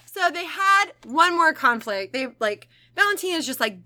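Bright, lively woman telling a crime story. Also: high-pitched, normal speed. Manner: laughing, profane, animated storytelling. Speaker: podcast co-host. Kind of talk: casual true-crime podcast chat.

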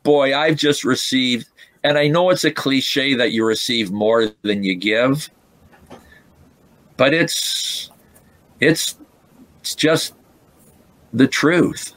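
A man guest in a podcast interview, telling a moving story in an emotional, halting way with many restarts. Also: mid-range voice, fairly bright tone.

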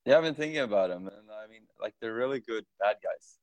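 A man's voice: on the low side, lively intonation, quick pace, darkish tone, dull audio. A man co-hosting a podcast in casual chat, laid-back and rambling. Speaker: podcast co-host.

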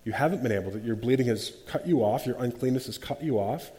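A man leading a group Bible study, his mellow, warm voice carrying a long reverb through the room. He talks with animation, acts out quotes and often restarts sentences. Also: medium pitch, expressive, quick pace.

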